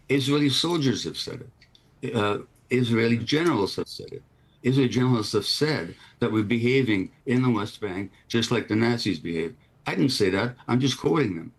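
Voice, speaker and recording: A man answering as a television interview guest, pointed and insistent, asking repeated rhetorical questions. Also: fairly low pitch.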